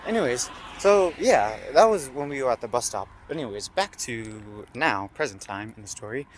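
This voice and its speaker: A young man telling a rambling story on a street at night, high, swearing and filling every pause with "like" and "uh". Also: animated, a little hiss or hum. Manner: rambling, heavy swearing and filler words. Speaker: vlogger. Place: outdoors on a town street at night.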